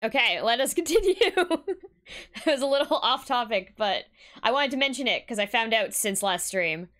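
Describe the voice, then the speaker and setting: A woman's voice: on the high side, animated, normal speed, a bit bright. A woman streaming a game, chatting casually and giggling as she greets viewers. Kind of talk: casual live-stream chat. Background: music.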